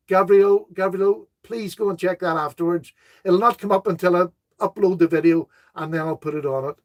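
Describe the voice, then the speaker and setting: A man's voice: high-pitched, darkish tone. A middle-aged man hosting a casual live stream, chatting enthusiastically and rambling as he reads out viewer comments. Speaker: host of a knife live stream.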